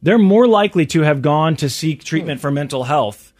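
A man's voice: on the high side, expressive, normal speed, a little mellow. A man hosting a talk show, reading survey numbers and riffing on them in a chatty, wry way. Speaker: radio show host. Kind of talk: casual talk show banter.

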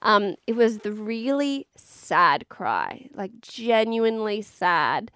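A woman's voice: mid-range voice, big pitch swings, slow, a bit bright, clean tone, dry recording, clean studio sound. A woman, frankly recounting her birth story in a casual, chatty way, swearing freely.

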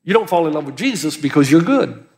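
A man's voice: on the high side, sing-song, fast, vocal fry, a little mellow, big-room sound. A man preaching a sermon as pastor, earnest and emphatic, with urgency that builds as he presses his points.

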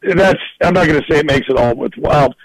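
A film director being interviewed, telling stories in a lively, animated way and laughing often. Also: male voice, fairly high pitch, fast talker, no echo, low-quality recording. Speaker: film director and writer, guest. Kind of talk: storytelling in a podcast interview.

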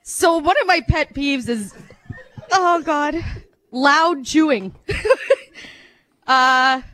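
A woman's voice: sits high, extremely slow, bright, forceful tone, no echo. Nervous giggly woman doing stand-up. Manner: nervous, giggly, rambling, self-deprecating. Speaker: radio host doing stand-up. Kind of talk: nervous amateur stand-up set.

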